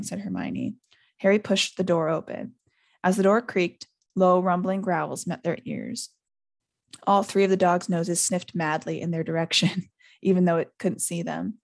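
A podcast host, a woman, reading a novel aloud in a casual, unpolished way. Her voice has a gravelly fry, and she jumps up in pitch whenever she voices a character's lines. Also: measured pace, dry recording, clean studio sound. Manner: reads with lively character voices, pitching up for quoted speech.

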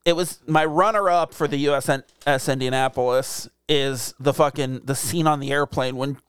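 A man's voice: medium pitch, steady tone, moderate pace, a bit bright, smooth, no echo, clean studio sound. Rambling, crude podcast co-host man. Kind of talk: casual movie-talk chat.

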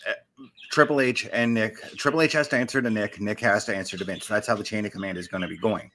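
A man's voice: lowish voice, fairly even intonation, fast talker, fairly bright tone, a little hiss or hum. A man co-hosting a casual podcast, talking loosely with fillers and "you know". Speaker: podcast co-host. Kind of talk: casual chat.

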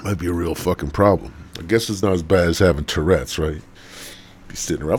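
A man's voice: low-pitched, a little fast, darkish tone, slightly rough. A man hosting a rambling solo podcast, profane and stoned, talking through a stuffy nose. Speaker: podcast host.

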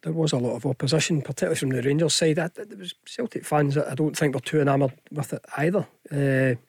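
A man's voice: fairly high pitch, quick pace, slightly rough, dry recording, clean studio sound. A Scottish man giving casual football punditry on radio, chatty and hesitant with frequent restarts. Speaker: football pundit, former player. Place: radio studio. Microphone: studio microphone.

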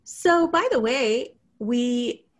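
A woman's voice: fairly high pitch, expressive, very slow, full character voice. A woman as a chatty cat podcast host. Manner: bubbly, rambling, self-interrupting. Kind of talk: casual chat.

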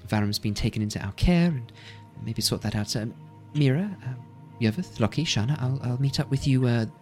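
A man voicing an organized but halting companion who plans aloud with many pauses. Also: medium pitch, lively intonation, a little mellow, soft background music, voice pushed up, lightly acted. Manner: halting, full of ums while planning.

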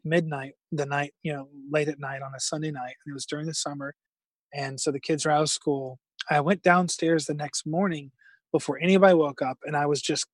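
A middle-aged man, a guest in an interview, tells a personal story earnestly but haltingly, restarting often. His voice is fairly high, and there's no echo.

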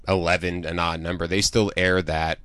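A man's voice: low voice, flat delivery, moderate pace, fairly bright tone, smooth, no room sound, studio quality. A man in his thirties, co-hosting a podcast interview in casual, rambling talk with many fillers and restarts. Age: 30s. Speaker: podcast co-host.

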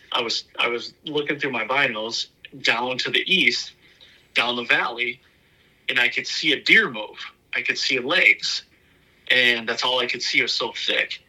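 Bright-voiced man telling a hunting tale. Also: mid-range voice, poor audio. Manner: loose and rambling, full of "like" and "you know"; drops to a hushed whisper at tense moments. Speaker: bowhunter recounting a hunt. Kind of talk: casual spoken storytelling.

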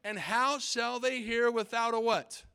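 Emphatic man preaching, high-pitched voice. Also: steady tone, measured pace, creaky, bright, forceful tone, smooth. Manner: emphatic call-and-response preaching. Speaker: pastor. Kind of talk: sermon. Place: church sanctuary.

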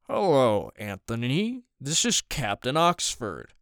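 A man voicing a cold, menacing male ship captain who speaks slowly. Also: animated, fairly bright tone, dry recording, studio quality. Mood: clipped, formal. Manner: slow, low and drawling.

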